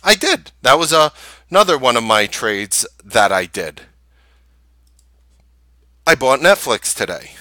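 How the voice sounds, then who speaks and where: A man host recapping a trading day and pitching his course, emphatic and full of rhetorical questions. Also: pushed and bright, dry recording.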